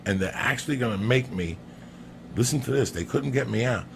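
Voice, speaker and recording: A man telling a long personal story on a podcast in a profane, animated way. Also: medium pitch, fairly quick, creaky, a little hiss or hum. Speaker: podcast guest. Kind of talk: storytelling anecdote.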